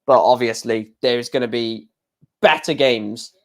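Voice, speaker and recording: A man hosting a casual live stream and reacting to darts as it happens. He is chatty, talks straight to his viewers, and gets excited. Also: medium pitch, unhurried. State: hiccuping.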